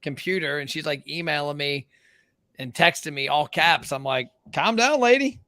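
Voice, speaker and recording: A male podcast host with a bright, forceful tone and a slightly raised pitch. He chimes in with quick agreement and short questions. The sound is dry, close and free of room echo. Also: fairly even intonation. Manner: brief agreeing replies. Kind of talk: casual interview.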